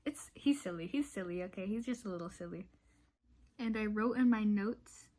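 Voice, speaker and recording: A young woman in her teens chatting casually as a vlogger, rambling and excitable, with many fillers and sudden high squeals. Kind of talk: casual chat.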